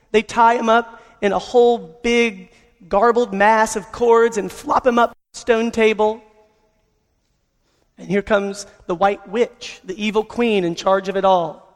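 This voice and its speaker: A man preaching a sermon, telling a story in an earnest way, recorded in a reverberant hall. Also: high voice. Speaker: pastor.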